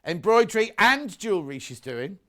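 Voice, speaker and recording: In a high, sing-song voice with a sharp tone and a fairly quick pace, a middle-aged British man presents live on a shopping channel. He chats, gossips and rambles on asides between products, reading viewer messages as he goes.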